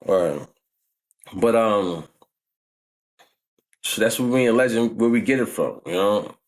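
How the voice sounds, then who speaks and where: A man's voice: lowish voice, lively intonation, slow pace. A man in his forties with a New York accent, telling stories from his past in a casual vlog, heavy on street slang and frequent "you know what I'm saying.". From New York, United States. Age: 40s. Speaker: vlogger. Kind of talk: casual storytelling.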